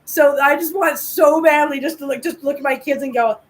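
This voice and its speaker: High-voiced chatty woman host. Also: a little fast, background noise. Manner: chatty storyteller, laughs often, swears casually. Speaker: livestream host. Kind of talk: casual chat.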